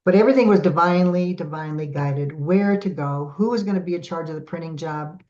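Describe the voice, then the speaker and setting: A middle-aged woman guest on a podcast, telling stories in a lively way and acting out the voices of the people in them. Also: low voice, fast talker. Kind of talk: animated storytelling in a podcast interview. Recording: dull lo-fi audio.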